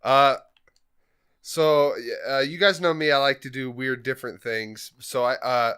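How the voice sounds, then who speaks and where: A man in casual podcast chat with deadpan humor. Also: medium pitch, unhurried, smooth. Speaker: podcast co-host.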